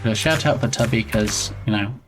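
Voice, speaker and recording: A man's voice: lowish voice, moderate pace, music in the background. Playful, chatty male streamer. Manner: playful and chatty, laughs often, reads chat aloud. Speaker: game dev livestream host. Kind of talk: casual live-stream chat.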